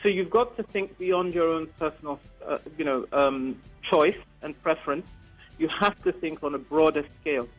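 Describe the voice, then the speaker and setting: A man with a somewhat high voice joins the panel over a remote link, earnest and persuasive and filling his pauses with ums. The line sounds dull and lo-fi, with faint music in the background. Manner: earnest, persuasive, with many fillers. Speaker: panel guest.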